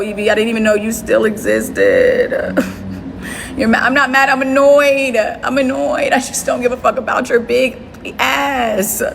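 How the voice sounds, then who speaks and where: A woman's voice: high voice, gravelly, a little hiss or hum, rough recording. A woman hosting her own livestream, ranting bluntly and scornfully at a commenter, repeating herself over and over. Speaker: livestream host. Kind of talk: ranting livestream talk to viewers. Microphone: phone.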